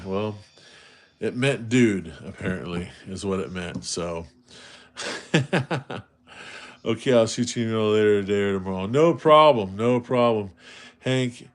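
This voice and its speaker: A man's voice: lowish voice, measured pace. A man from Los Angeles, host of a coin roll hunting livestream, casually telling a rambling story and answering chat, restarting his sentences as he goes.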